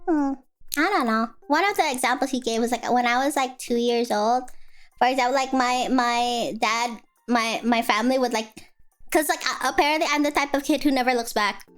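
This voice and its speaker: A woman's voice: fairly high pitch, moderate pace, a bit bright, soft background music. A young woman streamer in casual chat, telling a rambling story full of fillers.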